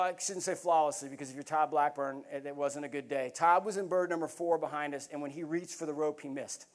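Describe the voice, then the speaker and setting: A middle-aged American man giving a speech, telling a vivid, animated story from the stage to a live audience. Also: high voice. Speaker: keynote speaker.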